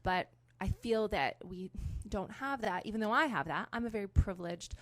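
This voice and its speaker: A woman in her thirties from Canada, a comedian guest on a radio show, talking in a dry, deadpan way. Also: mid-range voice, normal speed, no room sound. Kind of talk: casual interview.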